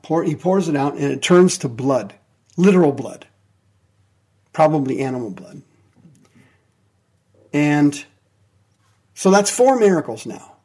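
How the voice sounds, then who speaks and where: Husky fiery male preacher. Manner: animated, voicing biblical figures in quotes, swings between loud and low. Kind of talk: fiery sermon.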